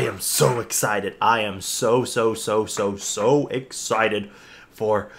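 An excitable man hosting a fan reaction vlog, rambling through his thoughts with plenty of fillers and repeats. His voice has a bright, forward tone. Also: mid-range voice, measured pace. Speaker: host.

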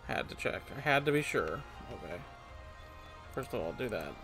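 A let's play gamer at a desk microphone by his computer comments casually on a video game, playfully reading its lines aloud in silly voices. His mid-range voice has big pitch swings, a moderate pace, and a fairly bright tone, with soft music in the background.

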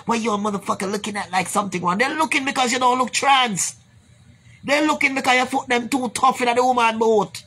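Her husky voice sits on the high side, fairly quick and fairly bright. Talking to her viewers, this Jamaican woman goes on a blunt, profane, rambling rant full of repetition before signing off with blessings.

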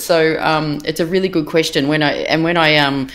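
Middle-aged Australian woman, very deep register, relaxed and chatty with plenty of "um"s; podcast guest. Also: normal speed. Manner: chatty, with frequent fillers and restarts. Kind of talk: casual interview.

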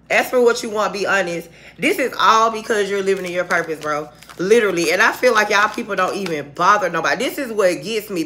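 A woman with a bright, forceful, mid-range voice delivers a fired-up tarot reading directly to her viewers. Her language is blunt, profane street slang, and a faint hiss runs beneath her voice.

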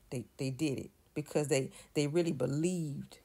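A woman talks straight to her viewers in a loose, emphatic commentary. She repeats and restarts her words as she goes, and now and then drops to a soft, near-whispered aside. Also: deep voice, steady tone, moderate pace, gravelly, husky. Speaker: channel host. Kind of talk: casual commentary to camera.

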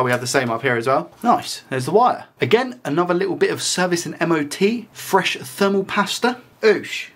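A young man narrates his repair work in a relaxed, chatty vlog manner. He talks the viewer through each step in an upbeat, conversational tone. His voice sits at an ordinary middle pitch. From United Kingdom. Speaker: tech repair YouTuber. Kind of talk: casual narration while repairing consoles.

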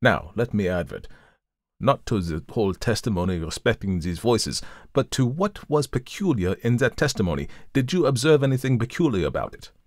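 Cool analytical detective, read by a man, lower voice, measured formal delivery, storybook. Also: very animated, no echo, studio quality. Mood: lecturing. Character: coolly analytical male detective, methodical, lecturing. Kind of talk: audiobook reading of a classic story.

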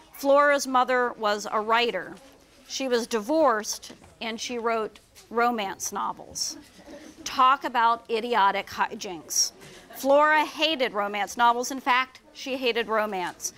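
High-pitched lady reading her kids book to a bookstore crowd, lively storyteller. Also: slow pace. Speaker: children's book author. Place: bookstore event.

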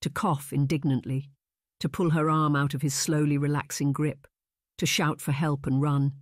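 A man narrating a historical romance audiobook in a measured, even storytelling manner. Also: on the high side, no room sound, studio quality. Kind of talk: scripted narration.

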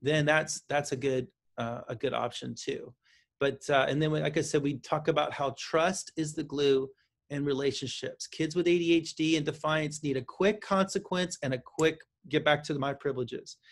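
A man speaking as a counselor guest in an interview, explaining parenting advice with lively delivery and frequent restarts. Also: on the high side, normal speed. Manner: animated, acts out parent and child lines, frequent restarts. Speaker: counselor and author.

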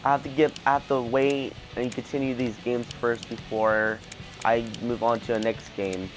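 A man giving casual let's play commentary, panicking out loud and repeating his exclamations. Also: mid-range voice, flat delivery, moderate pace, soft background music. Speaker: gaming video host.

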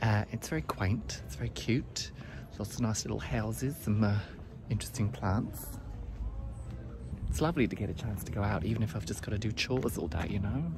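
Comedic vlog character: a man doing a naive, chatty woman, low-voiced, over loud street traffic. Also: animated, moderate pace. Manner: chatty and rambling, full of "uh" fillers and small exclamations. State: a bit out of breath. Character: cheerful, naive woman vlogging her errands. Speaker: vlogger character. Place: outdoors on city streets with traffic. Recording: loud traffic noise outdoors.

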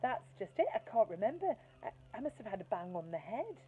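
A woman's voice: medium pitch, big pitch swings, brisk, a little hiss or hum, voice pushed up, lightly acted. A woman voicing a cheeky, scheming schoolboy who plays dumb, heard through a tinny phone-like line. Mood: fake-innocent. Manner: blunt, fake-innocent.

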